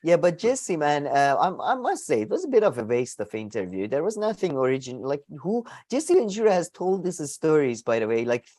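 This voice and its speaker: A woman co-hosting a casual podcast, laughing often and rambling in quick asides. Her voice sits low, close and dry. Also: big pitch swings, mellow, dry recording. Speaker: podcast co-host. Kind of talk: casual chat.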